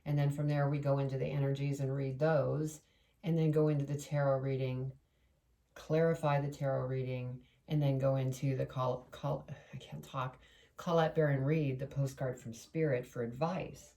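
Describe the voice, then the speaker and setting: Low gravelly woman doing a tarot reading. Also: level tone, normal speed, warm tone, far from the mic. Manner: chatty, meandering, addresses spirit aloud. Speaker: tarot reader. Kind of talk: casual tarot reading to camera.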